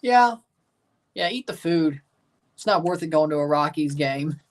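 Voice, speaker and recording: A man's voice: fairly high pitch, expressive, a little slow. A man hosting a live match watchalong, chatting casually and answering viewer comments as he reads them. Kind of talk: casual live reaction chat.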